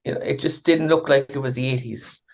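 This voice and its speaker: A man co-hosting a podcast, talking hesitantly with many pauses and fillers. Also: medium pitch, steady tone, vocal fry. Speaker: podcast co-host.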